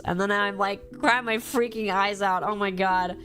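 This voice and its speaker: Woman on a live stream, stuffy from congestion, chatty and excitable, acts out bits of dialogue, soft music in the back. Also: medium pitch, moderate pace. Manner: animated, gushing, acts out quoted lines. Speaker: streamer ranking episodes. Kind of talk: casual live-stream chat.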